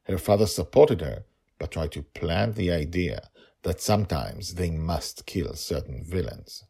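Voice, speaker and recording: A man's voice: low-pitched, animated, unhurried, creaky, dark tone, husky. A man narrating a story and reflecting on it in an emotional, thoughtful way.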